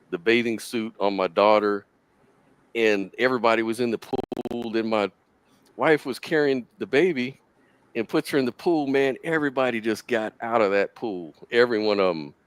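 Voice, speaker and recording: A man's voice: lowish voice, steady tone, moderate pace, smooth, no echo, poor audio. Call-in host, male, rambling casual storyteller. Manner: rambling storyteller, says "dude".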